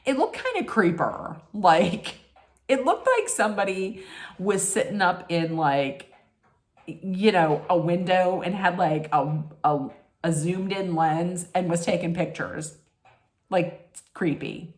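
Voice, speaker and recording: Woman vlogger, casual rant, emphatic and profane, slightly low voice. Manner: emphatic, blunt and profane, many fillers. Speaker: vlogger recapping a reality show.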